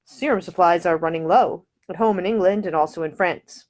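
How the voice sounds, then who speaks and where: A woman's voice: on the low side, brisk, darkish tone, close to an everyday voice. A woman voicing a wry young nobleman who talks with dry humor and fussy opinions. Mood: probing. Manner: wry, fussy about decor.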